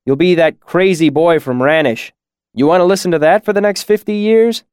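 A man's voice: on the high side, moderate pace, a little mellow, clean tone, no room sound, studio quality, pitched above the performer's own voice, natural voice. A man voicing a grumpy, recently injured male villager who scolds a young apprentice. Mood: scolding. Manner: grousing, scolding.

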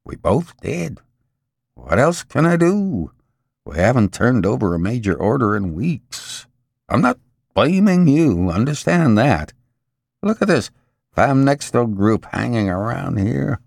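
A man voicing a short, round, sweaty male boss who talks in a hoarse croak, gloomy and exasperated. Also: medium pitch, sing-song, a little slow, dry recording, studio quality, voice pushed up, heavily acted. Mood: bleak, apologetic.

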